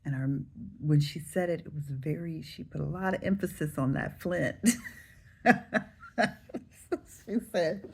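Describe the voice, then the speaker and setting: A woman in her forties from the Southern US, telling a travel story to camera in a chatty, relaxed way. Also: deep voice, unhurried, vocal fry, pauses often, breathy edge. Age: 40s. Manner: chatty, relaxed, addresses viewers directly. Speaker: travel vlogger.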